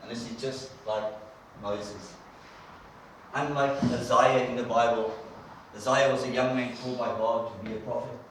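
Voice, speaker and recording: Animated preacher in an echoey church. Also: male voice, medium pitch, normal speed, pauses often, a little hiss or hum. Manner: animated storyteller, conversational, acts out quotes. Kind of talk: sermon. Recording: echoey church from a distant mic.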